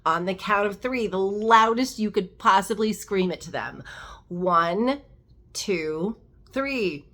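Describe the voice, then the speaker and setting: A woman leading a gentle guided meditation as a spiritual guide, coaxing and slow, counting down in a soft hush. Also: medium pitch, animated.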